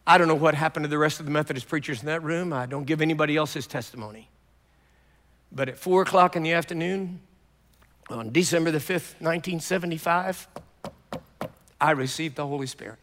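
An older male pastor delivers a sermon in a high-pitched voice. He tells stories with animated swings between quiet asides and loud outbursts. His voice carries a long reverb from a large sanctuary. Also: moderate pace, pauses often.

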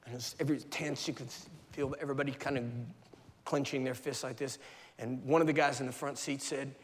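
An American man preaching a sermon, telling a personal story vividly and dramatically, even acting out sounds. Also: mid-range voice, a little fast. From United States. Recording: long reverb of a large hall.

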